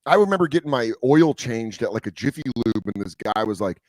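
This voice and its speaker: A man's voice: medium pitch, a little fast, no room sound. A man, a comedian guest on a radio-style show, telling stories in casual chat, swearing freely and acting out the voices of people he quotes. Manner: animated storyteller who acts out quoted voices, swears freely.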